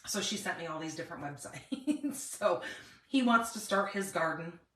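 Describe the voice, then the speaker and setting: A woman's voice: fairly low pitch, lively intonation, normal speed, fairly bright tone, distant mic. Chatty woman greeting viewers, roomy echo. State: dry cough, cough drop in mouth. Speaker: paper crafting host. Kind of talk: casual live-stream chat.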